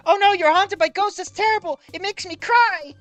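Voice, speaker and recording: A shallow, chirpy girl from a visual novel who gasps at bad news and then breezily moves on, as a commentator mocks her in a high, bright voice. Faint game music sits behind. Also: normal speed, dry recording. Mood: mocking chirpy. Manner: mock-sympathetic, then breezily changes the subject. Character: shallow chirpy girl character, cheerfully oblivious.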